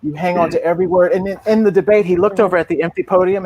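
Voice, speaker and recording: A man speaking as a guest on a casual group livestream, animated and blunt, often repeating himself. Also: high voice, rapid-fire, a crowd in the background. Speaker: political commentator guest.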